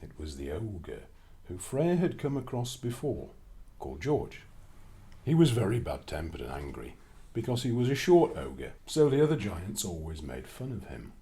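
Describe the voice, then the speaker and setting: A man reads a children's storybook aloud in a fairly low voice. His pitch rises and falls a great deal, and his reading is expressive and lively. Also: normal speed.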